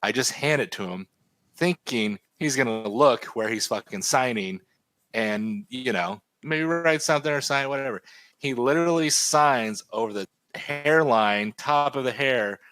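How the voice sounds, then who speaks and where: A man telling a story in a casual chat while he draws, animated and swearing freely. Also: medium pitch, a little slow, no echo. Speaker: artist and stream host.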